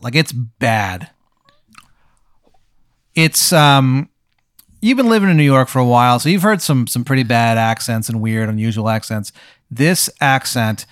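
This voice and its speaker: A man's voice: mid-range voice, no room sound, studio quality. A man hosting an improvised role-play game, narrating in a rambling, casual way with lots of "like"s and swearing. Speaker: game host.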